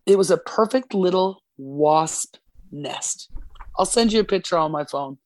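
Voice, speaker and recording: Salty animated woman telling a story. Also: on the low side, measured pace, no echo. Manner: swearing, animated storyteller acting out quotes. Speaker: guest telling a work story. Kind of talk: casual chat. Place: podcast studio.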